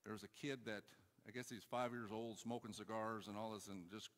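A man preaching a sermon, telling a story and urging his church, moving between loud calls and quiet asides. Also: lowish voice, steady tone, brisk, in a large hall. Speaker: pastor. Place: church hall.

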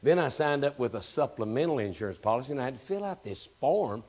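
A man's voice: medium pitch, animated, fast. Older man preaching with dramatic swells. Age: 60s. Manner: swings from hushed near-whispers to loud emphatic preaching; repeats phrases for emphasis. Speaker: pastor. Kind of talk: sermon. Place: church.

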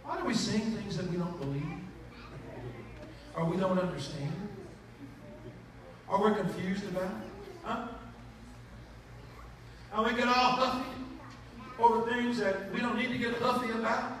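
A man preaches with rising passion, his voice high and bright. He swells into shouts and sings bits of hymns as he drives his points home. He sounds distant, his voice ringing through a very echoey church. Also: unhurried, long pauses. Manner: emotional preaching, rising to shouts and snatches of hymn. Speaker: bishop preaching. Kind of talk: sermon. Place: church sanctuary. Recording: echoey church from far off, with noise.

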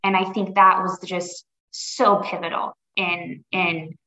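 A woman's voice: lowish voice, little pitch movement, takes it slowly, sharp tone, slight background noise. A woman guest on a podcast, speaking earnestly and reflectively, often restarting her sentences. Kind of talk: conversational interview. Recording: roomy, dull lo-fi sound.

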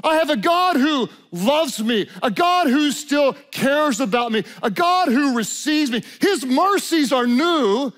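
A man pastor preaching a sermon, swinging from loud emphatic lines to hushed, low passages. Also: animated, a little slow, few pauses.

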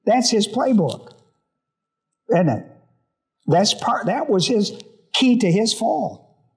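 A male pastor teaches from scripture in a slightly high voice. He reads a few verses, then stops to ask his listeners questions before he reads on. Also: expressive, takes it slowly, slightly rough. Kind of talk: Bible study sermon.

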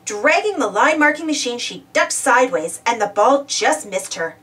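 A woman reads a children's storybook aloud with a high, very animated voice. She sounds a little distant, as if set back from the microphone. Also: normal speed. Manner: expressive, animated.

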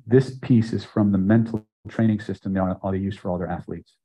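An older man teaching a live self-help seminar, speaking emphatically and building phrases up loud before dropping to a hush. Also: fairly low pitch, steady tone, a little fast, slightly rough, lo-fi sound. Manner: emphatic, builds repeated phrases to loud peaks then drops quiet. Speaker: hypnosis and self-help trainer. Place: seminar room with audience.

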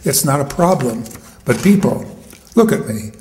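A man's voice: mid-range voice, expressive, normal speed, a little mellow, echoey room, lightly acted. A man voicing a streetwise talking dog in a poem, blunt and wry, recorded at a live poetry reading.

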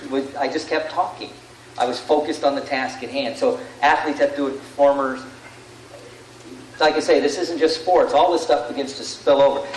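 A man's voice: on the high side, a little hiss or hum. Rambling man lecturing in an echoey hall. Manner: animated, rambling, asks "right?" often. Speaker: seminar speaker. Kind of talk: live seminar talk to an audience. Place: large room with an audience. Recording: echoey room, far from the mic.

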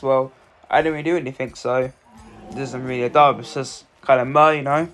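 A man's voice: medium pitch, fairly even intonation, fairly quick, fairly bright tone. A man hosting a gaming video, rambling casually over clips and often stumbling and correcting himself. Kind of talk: casual game commentary. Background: music.

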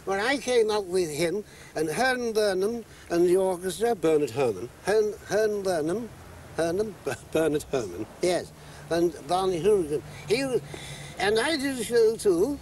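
Halting older man, high voice. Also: animated, darkish tone, a little hiss or hum. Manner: halting, fumbles names. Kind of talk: casual reminiscing.

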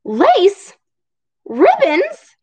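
A woman's voice: high voice, lively intonation, slow, no room sound, highs cut off. A woman voicing a fussy, easily flustered housewife in a storybook reading, exclaiming in shock.

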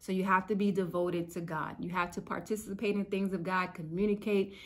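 A woman giving casual, earnest faith teaching to her viewers, chatty and slangy, her voice climbing higher as she gets excited. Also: brisk. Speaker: spiritual YouTuber.

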